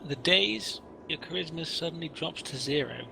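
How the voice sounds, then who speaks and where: A man's voice: fairly high pitch, expressive, normal speed, creaky, music in the background. A man co-hosting a casual podcast chat, rambling and playful with lots of fillers. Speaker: co-host.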